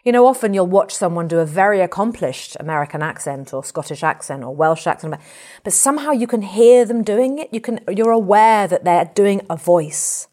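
A woman from England, speaking as an actor in an interview in a lively, colourful, animated way. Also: medium pitch, moderate pace. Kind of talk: reflective conversational interview.

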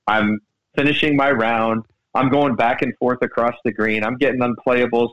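A man hosting a golf radio show, telling stories in casual sports chat with a lively, storytelling manner, speaking into a studio microphone. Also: moderate pace, lo-fi sound. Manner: animated storyteller, lively swings in pitch.

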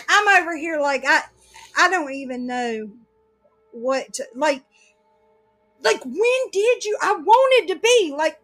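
A woman spins a funny story in easygoing podcast chat. Her voice sits high and sparkles with brightness, and she keeps breaking into laughter as she goes. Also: slow pace, long pauses, faint music behind. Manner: animated, laughing through the story. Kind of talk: casual storytelling.

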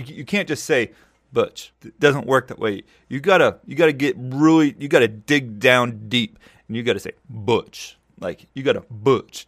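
A man's voice: medium pitch, a bit bright. Rambling man in his forties. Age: 40s. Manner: rambling, repeats words when thinking. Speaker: podcast host. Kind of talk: casual chat.

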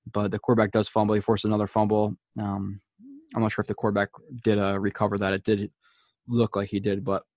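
A man's voice: medium pitch, no echo, clean studio sound. A man hosting a show, casually breaking down football game film, thinking aloud with many fillers and restarts. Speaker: host.

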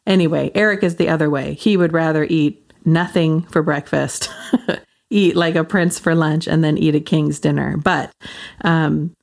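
A woman's voice: low-pitched, steady tone, unhurried, gravelly, darkish tone. Chatty woman hosting a faith podcast. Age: 40s. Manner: rambling, filler-heavy, laughs often. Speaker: podcast host. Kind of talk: casual faith podcast chat.

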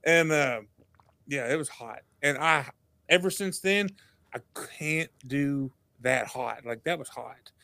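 A man, a podcast guest telling stories in casual chat, animated and laughing, acting out what people said. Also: mid-range voice, takes it slowly, creaky, no echo. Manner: animated, laughing storyteller who acts out quotes.

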